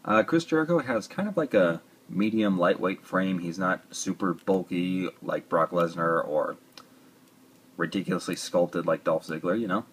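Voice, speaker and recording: A man's voice: low voice, creaky, a bit bright, husky. A man casually reviewing a toy, chatty and rambling, with joking asides.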